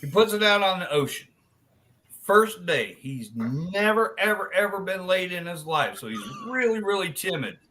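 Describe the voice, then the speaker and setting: A man hosting a live chat stream, telling long crude jokes in a loose, animated way. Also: high voice, moderate pace. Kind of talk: joke telling in casual chat.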